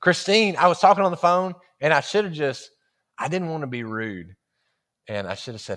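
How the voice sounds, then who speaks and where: Animated man telling a story. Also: medium pitch, brisk. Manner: animated, acts out quoted voices, laughs often. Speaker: church speaker telling a personal story. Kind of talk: casual storytelling sermon.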